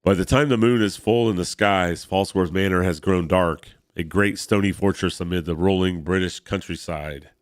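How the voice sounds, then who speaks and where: Deep-voiced man narrating a comic. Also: moderate pace, few pauses, dry recording, studio quality. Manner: enthusiastic asides, dramatic narration. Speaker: podcast host. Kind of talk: reading a comic aloud with commentary.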